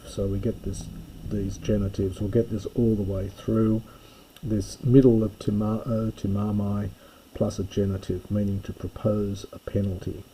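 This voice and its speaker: A man giving a recorded lesson, reading and explaining a Greek text in a slow, methodical way with frequent pauses and fillers. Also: lowish voice, dark tone, slightly rough, low-quality recording. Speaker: teacher.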